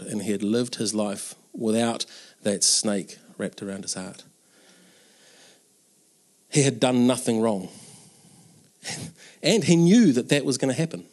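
A man preaching an Easter sermon in an earnest, conversational way, with casual asides. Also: medium pitch.

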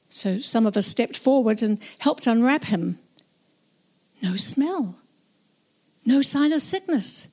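A woman narrating a Bible story as a first-person witness, slow, reflective and earnest. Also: on the high side, warm tone.

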